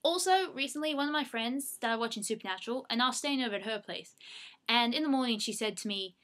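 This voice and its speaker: A woman's voice: fairly high pitch, fast, a bit bright. A young Australian woman casually answering fan questions at home into her webcam mic, chatty and self-mocking. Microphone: webcam microphone.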